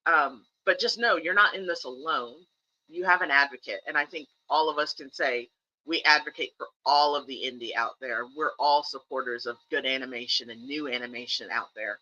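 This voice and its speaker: A woman with a piercingly bright, sharp voice talks straight to her stream audience, candid and emphatic. She hammers her points home by repeating them. The audio is a little dull and lo-fi. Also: a bass voice, normal speed. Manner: emphatic, candid, repeats key phrases for stress. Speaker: streamer host. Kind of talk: casual livestream talk, earnest advice.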